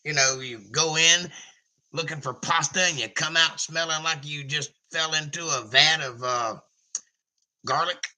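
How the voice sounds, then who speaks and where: A male live-stream host who chats casually and reads viewer comments aloud, rambling and joking. His voice sits a bit high and sounds strikingly bright. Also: unhurried, poor audio. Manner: jokey, rambling.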